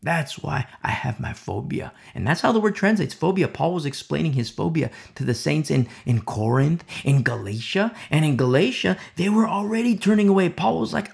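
A man's voice: on the high side, animated, moderate pace, creaky, few pauses. A man preaching a sermon, emphatic and repetitive, often asking "you see?" and sometimes dropping to a near whisper.

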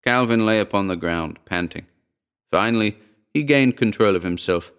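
Guy reading a short story aloud, really deep voice, smooth and clear, steady pace. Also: moderate pace. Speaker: narrator. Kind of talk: scripted story narration.

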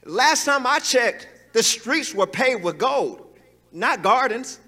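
A man's voice: very high-pitched, lively intonation, slow pace, bright, forceful tone, long reverb tail. A man preaching a sermon in a conversational, emphatic way, with asides and chuckles.

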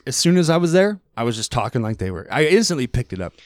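A man co-hosting a podcast in casual chat, rambling through animated stories and throwing in mock accents. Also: medium pitch, quick pace, no room sound. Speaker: podcast co-host. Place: podcast studio.

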